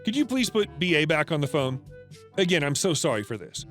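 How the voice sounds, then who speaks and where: A woman's voice: deep voice, very animated, fairly quick, faint music behind. A man voicing a polite, apologetic woman HR director speaking on the phone.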